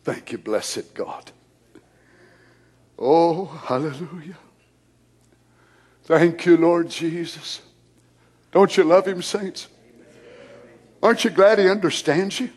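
A man preaching and praying in a sermon, moving from hushed whispers to loud shouts. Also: high-pitched, takes it slowly, long pauses. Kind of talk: sermon prayer.

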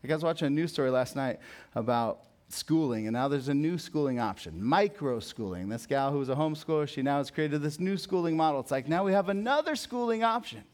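A man's voice: medium pitch, a little fast. Conversational young male pastor preaching. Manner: conversational, jokey storytelling with sudden soft drops. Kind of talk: sermon.

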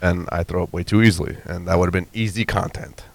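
A man's voice: low voice, fairly even intonation, fast talker, creaky. A man co-hosting a podcast, rambling and giggly, with frequent restarts. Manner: rambling, giggly, self-correcting. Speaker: podcast co-host. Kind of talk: casual podcast banter.

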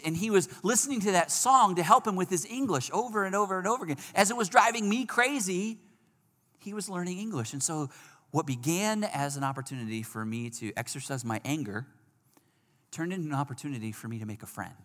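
A man preaching, telling a personal story with animated swings between loud outbursts and hushed moments. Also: sits high, fairly quick. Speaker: pastor. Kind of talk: sermon storytelling. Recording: long hall reverb.

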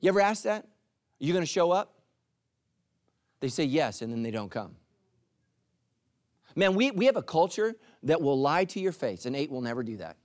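A pastor preaches in a high, bouncing, slightly mellow voice with big pitch swings, speaking briskly. His style is punchy and teasing with playful asides, and the sound is dry and close with no room echo.

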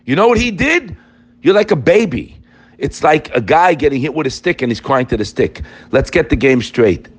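A man's voice: on the high side, very animated, normal speed, slightly rough. A man teaching an informal Torah class, emphatic and addressing his listeners directly.

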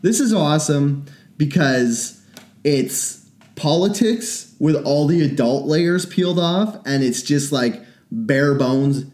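A man in casual podcast chat, rambling and opinionated, swearing often as he thinks out loud. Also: fairly high pitch, animated, slow.

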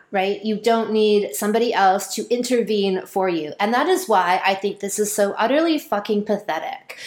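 A woman in a profane, sarcastic ranting monologue who mocks others in high, whiny voices. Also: roomy sound.

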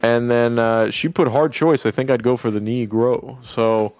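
A man's voice: mid-range voice, steady tone, normal speed, darkish tone, soft background music. A man co-hosting a podcast, telling crude, joking stories in casual chat. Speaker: podcast co-host. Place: podcast studio.

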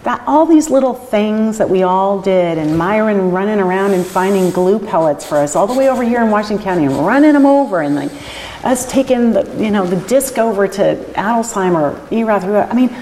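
A middle-aged woman, interviewed for an oral history, talking in halting, restarting sentences and getting emotional. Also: medium pitch, expressive, dark tone, long reverb tail, poor audio. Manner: emotional, chokes up, laughs often. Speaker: interviewee, winery owner.

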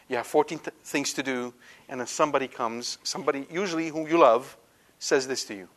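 A man's voice: fairly high pitch, a bit bright. A man preaching a sermon, emphatic and direct, often checking in with his listeners. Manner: emphatic, asks listeners "do you understand?".

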